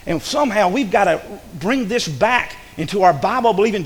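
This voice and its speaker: A man's voice: high voice, expressive, fairly quick, few pauses, big-room sound, a little hiss or hum, low-quality recording. A male pastor, preaching a sermon emphatically and acting out the voices of the people he quotes. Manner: emphatic, acts out quoted speakers. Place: church sanctuary.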